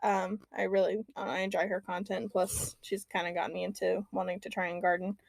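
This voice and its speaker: A woman's voice: mid-range voice, level tone, normal speed, creaky, no room sound. A young woman hosting a casual podcast, chatty and loose, with frequent ums and casual swearing. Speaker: podcast host.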